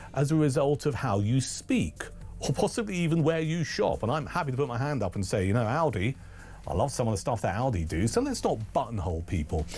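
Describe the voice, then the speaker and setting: Radio host guy, bouncy up-and-down delivery, mellow warm tone. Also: mid-range voice, breathy edge. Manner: conversational, lively questioning. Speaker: radio talk show host. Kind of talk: late-night talk radio presenting.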